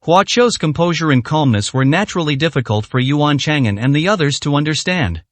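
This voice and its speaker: A man narrating a story in an audiobook with expressive delivery. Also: on the high side, fairly quick, dry recording. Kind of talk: scripted narration.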